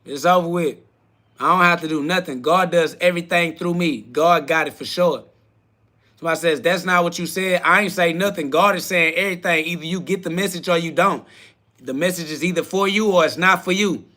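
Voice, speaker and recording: A man's voice: fairly quick, bright, forceful tone. A man hosting a live self-talk podcast, preaching in short repeated slogans and firing back at quoted critics in crude slang. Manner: voice cracks up into high shrieks when heated. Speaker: podcast host.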